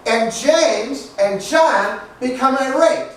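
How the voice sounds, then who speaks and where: With a very high-pitched, fairly bright voice, a male preacher speaks slowly and playfully, quizzing the congregation and replying to them. The sound is distant and echoey, with faint noise in the hall.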